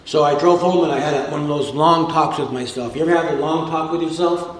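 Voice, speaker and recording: A man's voice: on the high side, fairly even intonation, fast, roomy sound, low-quality recording. A man telling a humorous recovery story to a meeting audience, with a wisecracking, tough-guy delivery. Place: meeting room with a live audience.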